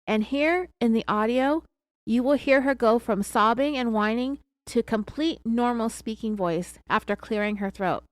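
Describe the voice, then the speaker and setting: A woman's voice: on the high side, normal speed, dry recording. A woman podcast host telling a true crime story, with sarcastic asides.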